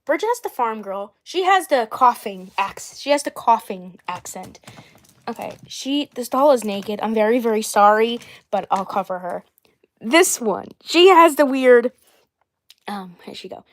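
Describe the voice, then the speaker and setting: A young woman in her twenties chats loosely about her doll collection on a livestream. Her voice sits a little high. She rambles, restarts her sentences and clears her throat often. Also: animated, measured pace. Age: 20s. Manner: rambling, self-correcting, frequent throat clearing. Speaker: doll series creator. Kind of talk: casual livestream chat.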